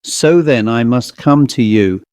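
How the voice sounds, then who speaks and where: A man voicing a haunted, irritable gentleman who talks fiercely and demandingly. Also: medium pitch, animated, a little slow, clean tone, dry recording, clean studio sound, lightly acted. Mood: pleading.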